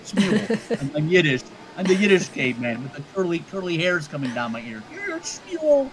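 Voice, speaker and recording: A man's voice: on the high side, animated, quick pace, crowd noise, low-quality recording. A man co-hosting a casual livestream chat, rambling and joking with many stammered restarts. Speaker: co-host.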